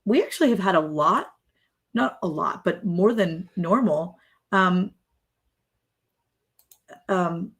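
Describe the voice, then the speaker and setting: A woman's voice: on the low side, expressive, takes it slowly, long pauses, husky. A woman hosting a casual live chat, telling stories and laughing often. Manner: chatty, laughing, storytelling. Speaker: live stream host.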